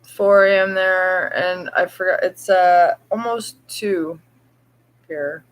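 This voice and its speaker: A woman's voice: fairly low pitch, poor audio. A woman chatting casually to viewers at home at night, rambling and laughing as she talks. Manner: rambling, laughing, slow and drawn-out. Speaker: vlogger.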